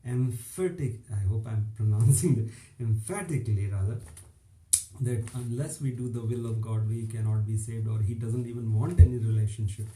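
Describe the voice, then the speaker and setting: A man's voice: lowish voice, fairly even intonation, normal speed, warm tone, reverberant, slight background noise, poor audio. A man preaching an informal online sermon, emphatic and repetitive, with little chuckles between phrases.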